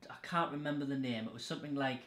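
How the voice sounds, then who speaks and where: A man's voice: medium pitch, very fast, fairly bright tone. Blunt, sweary man, echoey room. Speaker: podcast host. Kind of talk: casual chat.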